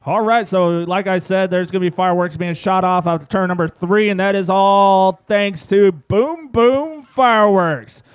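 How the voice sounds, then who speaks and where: A man's voice: high voice, moderate pace, few pauses, clean tone, no echo. A man announcing at a racetrack, thanking a sponsor in an upbeat, plain way. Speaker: track announcer.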